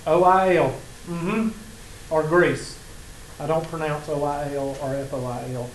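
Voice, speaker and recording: The speaker is a college math instructor from the Southern US, chatting casually with his class and telling stories laced with sarcasm and jokes. He talks a little slowly in a fairly high, steady voice, and the room sounds echoey with faint noise.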